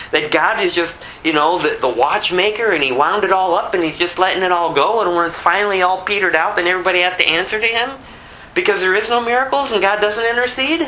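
An older man giving an informal, conversational sermon, animated and full of rhetorical questions. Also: sits high, a little hiss or hum, poor audio. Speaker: preacher.

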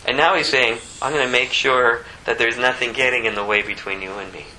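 A man's voice: steady tone, brisk, sharp tone, slight background noise, rough recording. A man preaching a sermon, his voice rising sharply when he gets emphatic. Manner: impassioned, pitch climbing sharply when emphatic.

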